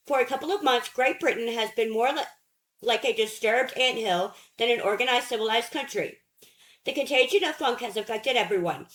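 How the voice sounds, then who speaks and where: Higher-voiced woman narrating an audiobook. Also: low-quality recording. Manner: measured, steady reading of essay prose.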